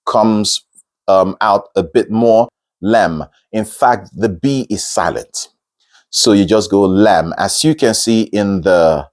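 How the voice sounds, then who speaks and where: A man teaching singing, who explains patiently step by step, repeats words slowly and breaks into short sung examples. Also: lowish voice, a little mellow. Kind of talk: instructional talk.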